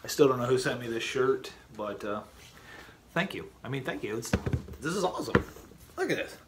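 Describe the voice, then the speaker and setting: A man's voice: mid-range voice, expressive, moderate pace, noisy background. A man talking casually to his viewers in a vlog, rambling and stumbling over repeated words as he goes. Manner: chatty, talking straight to viewers. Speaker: vlogger.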